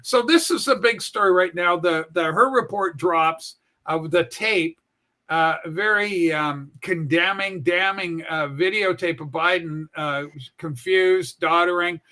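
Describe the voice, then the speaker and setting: A man hosting a casual political talk livestream, brash and profane, with animated storytelling. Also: high-pitched, measured pace. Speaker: political talk show host. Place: home room with a Star Trek shrine.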